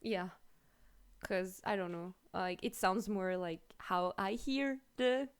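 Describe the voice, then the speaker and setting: A woman with a French accent, a native French speaker, chatting casually as a stream host, lively and quick to laugh, with many restarts. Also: medium pitch, smooth. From France. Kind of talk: casual chat.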